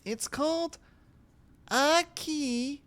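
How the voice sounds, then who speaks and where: A woman's voice: sits high, slow pace, fairly bright tone. A woman voicing a sheltered, bumbling male American tourist in a comedy skit, with stiff formal phrasing. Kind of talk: comedy skit role-play.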